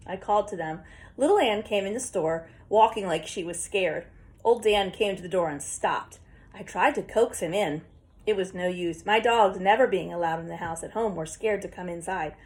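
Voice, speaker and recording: A woman reading a first-person story aloud as an audiobook, in a steady, plain storytelling manner. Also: mid-range voice, normal speed. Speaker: audiobook reader.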